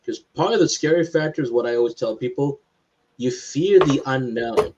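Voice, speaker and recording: A man's voice: mid-range voice, moderate pace, darkish tone. A man co-hosting a casual live stream, giving emphatic and opinionated film takes. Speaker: podcast co-host. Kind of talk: casual chat. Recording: slightly dull lo-fi audio.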